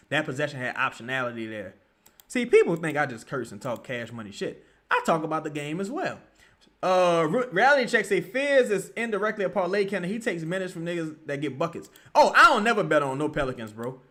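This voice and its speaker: A man reacts live to a basketball game. His fairly high voice swings widely and sounds bright and forceful. He curses freely and bursts into shouts at big plays. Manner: excitable, profane, yells at plays. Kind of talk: live game watch-along commentary.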